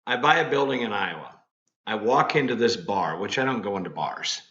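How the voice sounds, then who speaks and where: A man's voice: fairly low pitch, lively intonation, fairly quick, fairly bright tone. A man in his sixties, a guest in casual chat, telling stories bluntly. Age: 60s. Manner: blunt storyteller. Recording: roomy, dull lo-fi sound.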